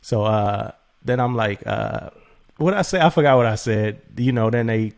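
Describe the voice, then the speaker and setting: A man in casual podcast chat, spinning a story with lots of energy. He acts out both sides of a text exchange and breaks into laughter often. His voice sits at an ordinary middle pitch. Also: moderate pace. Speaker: podcast co-host.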